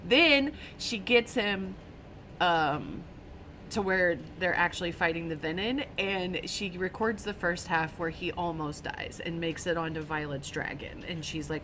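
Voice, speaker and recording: Animated woman telling a story, laughing. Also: on the low side, slight background noise. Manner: animated, laughing storyteller who acts out quotes. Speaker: stream podcast host. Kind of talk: casual chat.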